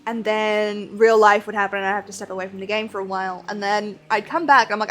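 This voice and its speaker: A woman's voice: medium pitch, fairly even intonation, fast, few pauses, a bit bright. A woman streaming a game, chatting casually and rambling with frequent laughs, over faint background music. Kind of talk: casual chat while gaming.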